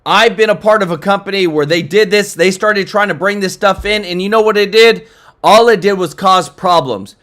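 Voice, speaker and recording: A man's voice: high voice, moderate pace, fairly bright tone. A young man hosting political reaction commentary, fired up and talking straight to his viewers.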